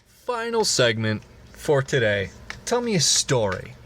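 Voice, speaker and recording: A young man co-hosting a podcast, teasing his partner with drawn-out comic interjections. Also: medium pitch, big pitch swings, a bit bright, slight background noise. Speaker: podcast co-host. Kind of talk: casual comedic banter.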